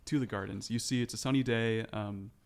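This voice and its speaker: A man with a lowish voice narrating as game master of a tabletop game. He describes scenes in a relaxed, chatty way, full of fillers and asides. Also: fairly quick.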